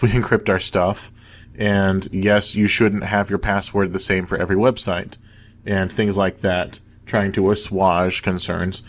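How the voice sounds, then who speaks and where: Male co-host, lowish voice, steady informative delivery off an agenda. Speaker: podcast co-host. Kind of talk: casual podcast chat.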